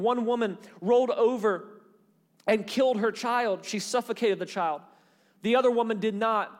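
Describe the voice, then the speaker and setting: A man preaching with a high, light voice, reading scripture aloud and retelling its stories with lively acted-out voices. His voice rings with a long hall reverb. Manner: animated storytelling, acts out voices in Bible stories. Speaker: pastor. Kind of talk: sermon.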